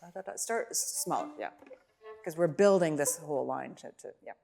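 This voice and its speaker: A woman's voice: sits low, lively intonation, normal speed, gravelly, darkish tone, slight background noise. A woman teaching a violin masterclass in a recital hall, giving short encouraging cues while a student plays and humming phrases to show how they should go. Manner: encouraging, repeats praise. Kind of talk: masterclass coaching over live playing. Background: violin playing.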